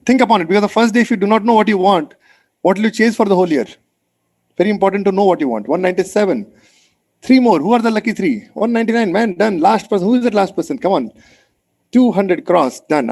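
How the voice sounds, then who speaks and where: Fast-talking high-voiced Indian English man. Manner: energetic, coaxing, repeats phrases for emphasis. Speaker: mentor leading an online session. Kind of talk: motivational webinar talk. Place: video call.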